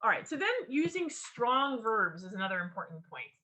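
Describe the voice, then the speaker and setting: Bright, upbeat woman teaching a workshop. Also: fairly high pitch, moderate pace, low-quality recording. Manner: lively, enthusiastic teaching with frequent ums and restarts. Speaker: workshop leader. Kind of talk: online writing workshop lecture. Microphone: video call.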